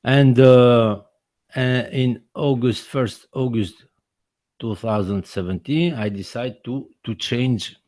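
Man, filmmaker presenting his own story, slow and halting non-native English, earnest, dry close sound. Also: medium pitch, a little mellow, dry recording. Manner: halting non-native English, many restarts and repeated words. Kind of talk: personal account in a presentation.

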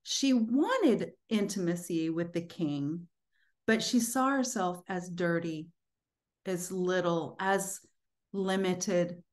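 A middle-aged woman giving a casual Christian teaching, telling stories in a lively, conversational way and laughing often. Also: lowish voice, takes it slowly. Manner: animated storytelling, frequent laughter; conversational, with fillers like "you know" and "like".

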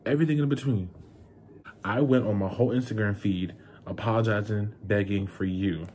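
A man's voice: fairly low pitch, normal speed, a little mellow, slight background noise. A young man from New York telling a breakup story in an emotional, indignant rant straight to the viewer. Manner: heated, indignant, talks straight to the listener. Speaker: vlogger.

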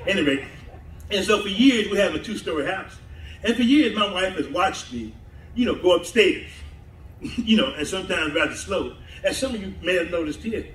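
A southern US pastor with a high, fairly bright voice delivers his sermon at a moderate pace with lively intonation. He laughs often and the congregation calls back to him. The sound comes from a distant mic in an echoey church sanctuary.

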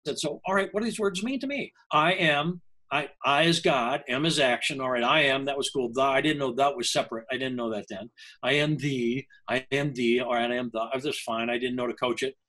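A man's voice: medium pitch, a little fast, sharp tone, poor audio. An older man, a language coach, telling a personal story in an interview, earnest and often breaking off and restarting his sentences.

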